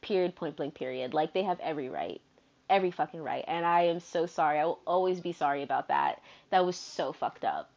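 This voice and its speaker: A young woman in her twenties from the United States telling a story in a casual monologue, animated and slangy, swearing freely and cutting herself off. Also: low voice, fairly quick, gravelly. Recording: dull lo-fi sound.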